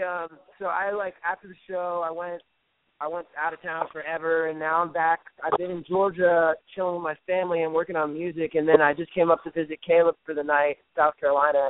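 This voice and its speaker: A man talks fast and loose on a call, his voice sitting a bit high for a man. Slang like bro and dude runs through everything he says. The sound is thin and phone-like, with no room around it. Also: flat delivery, no room sound. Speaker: guest caller. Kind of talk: casual chat. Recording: dry tinny phone line.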